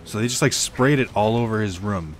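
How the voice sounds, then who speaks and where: A young man streams a game and chats with friends in a rather low voice. He rambles through a story, padding it with "like" and "uh". A faint hiss sits under his voice. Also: fairly quick. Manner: rambling storytelling with many fillers. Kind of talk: casual chat while gaming.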